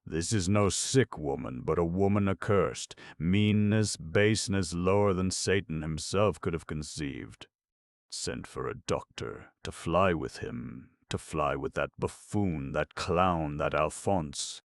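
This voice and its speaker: A man voicing a wealthy, histrionic gentleman who shouts and sobs in anguish, for an audiobook. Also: low voice, slow pace, no room sound. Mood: anguished, shouting. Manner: shouting, sobbing outbursts. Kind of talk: audiobook character reading.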